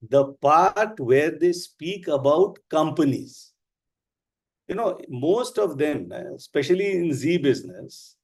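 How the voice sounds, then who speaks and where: A man with an Indian English accent teaching a live class, explaining slowly and with emphasis. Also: fairly high pitch. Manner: slow, deliberate, emphatic explaining. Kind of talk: live online class lecture.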